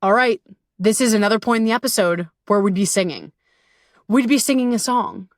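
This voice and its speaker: A woman's voice: on the high side, big pitch swings, fairly quick, no echo, studio quality. A woman in her thirties hosting a casual solo podcast. She talks in a playful, chatty way with frequent swearing and asides. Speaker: podcast host.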